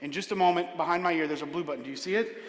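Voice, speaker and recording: A man's voice: on the high side, very fast. A man performing a comedic magic show in a church hall, playfully joking with and coaxing a child volunteer. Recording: echoey hall.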